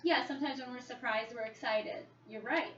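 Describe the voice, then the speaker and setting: A woman teacher with a fairly bright, higher voice speaks a little fast as she leads a small reading group, patiently asking questions and coaxing the children to answer. The classroom recording is echoey, distant, dull and noisy.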